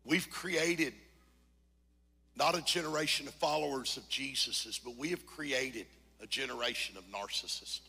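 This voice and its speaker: A man preaching a sermon as pastor, moving from quiet confession to shouted, sung climaxes. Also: medium pitch, a little slow, creaky, breathy edge, big-room sound. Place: church sanctuary.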